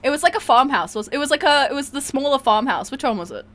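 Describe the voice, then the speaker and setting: A woman streamer chats and laughs through a game, her voice high and very bright. She swings up and down a lot in pitch, swears casually, and stops to thank her viewers. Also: lively intonation, fast talker. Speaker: streamer host. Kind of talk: casual gaming stream chat.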